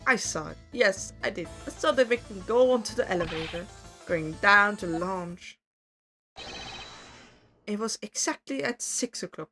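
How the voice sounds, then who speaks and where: A woman's voice: medium pitch, expressive, a little slow, music in the background. A woman voicing a pompous, wealthy male art dealer who is impatient and condescending. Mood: insistent.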